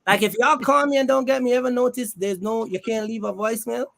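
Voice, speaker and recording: A man's voice: very high-pitched, fairly even intonation, quick pace, vocal fry, fairly bright tone. A man hosting a casual livestream about a trucking business, joking with guests and reading the chat aloud in a loose, friendly way. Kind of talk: casual live-stream chat.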